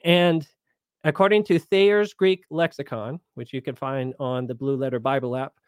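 A man's voice: mid-range voice, steady tone, normal speed, clean tone, no echo. A man hosting a live Bible question show, explaining verses in a casual, conversational way and paraphrasing scripture in everyday speech. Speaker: Bible teacher host.

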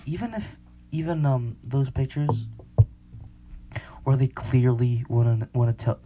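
A man's voice: medium pitch, warm tone, slightly rough. A young man hosting a podcast in casual chat, slangy and rambling, often laughing. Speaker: podcast host.

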